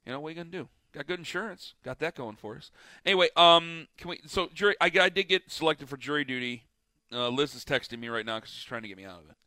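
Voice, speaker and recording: A man co-hosting a sports radio show, talking in a rambling, self-deprecating way that often trails off into quiet asides. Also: on the high side, lively intonation, fast, no room sound. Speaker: radio co-host. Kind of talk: casual sports radio banter.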